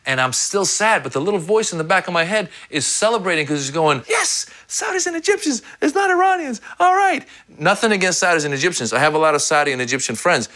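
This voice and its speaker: Bright-voiced male comedian. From Iran. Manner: animated storyteller, jumps into high squeaky voices for quoted people. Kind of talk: satirical comedy monologue.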